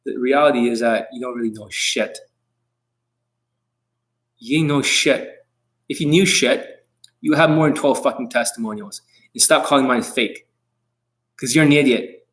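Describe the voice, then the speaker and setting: A man's voice: medium pitch, moderate pace, long pauses, a bit bright, rough recording. A man coaching on dating in a livestream monologue, brash and combative, swearing often and boasting about himself in the third person.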